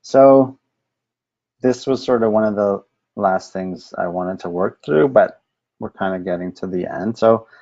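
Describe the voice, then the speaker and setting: Low-voiced man giving a webinar talk. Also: measured pace, gravelly. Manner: conversational, gentle, with many ums and restarts. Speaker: webinar presenter. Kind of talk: informal teaching talk. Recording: dull lo-fi webinar audio.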